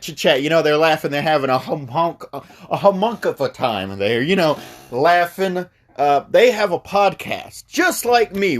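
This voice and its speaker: A man casually reviewing a movie on his studio podcast. He rambles, loses his train of thought and pokes fun at himself. His pitch swings freely, which keeps his delivery animated. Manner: rambling, forgetful, self-mocking asides.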